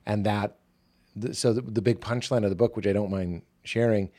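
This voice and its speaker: A man's voice: fairly low pitch, steady tone, normal speed, dark tone. A man hosting a casual conversation, talking in an earnest, reflective way and speaking openly about himself. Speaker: podcast host and author.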